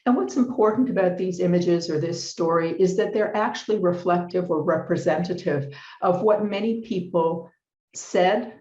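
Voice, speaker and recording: A middle-aged woman giving a formal lecture with slides at a conference, speaking in a measured, deliberate way and stressing key words. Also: lowish voice, mellow. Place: conference hall. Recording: roomy, slightly muffled hall recording.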